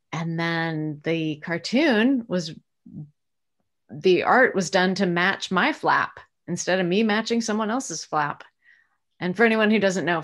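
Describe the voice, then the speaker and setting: A middle-aged American woman with a slightly low voice talks through her career in a relaxed interview. She is chatty and reflective, pausing on "um" and "uh" and restarting her sentences as she thinks. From United States. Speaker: voice actress, interview guest. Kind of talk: casual interview answers.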